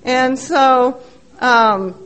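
A middle-aged woman tells her recovery story at a meeting. She talks in a fairly high voice, candid and blunt, swearing freely and poking fun at herself. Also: drawn-out words, fairly bright tone, clear, resonant tone. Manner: candid, blunt, profane, self-mocking. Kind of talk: personal recovery share.

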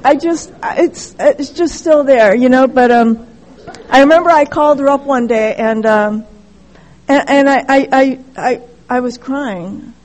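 A middle-aged woman speaking at a recovery meeting, telling her story candidly and haltingly, with many restarts. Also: high voice, darkish tone, poor audio. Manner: halting, frequent restarts and "you know", candid. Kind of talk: personal recovery share, casual storytelling.

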